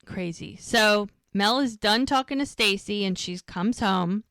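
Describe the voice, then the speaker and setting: A woman's voice: medium pitch, unhurried, a bit bright, no room sound, studio quality. A woman co-hosting a podcast, recapping a TV episode in detail in a casual way. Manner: retells scenes in detail, acting out quoted lines. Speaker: podcast co-host.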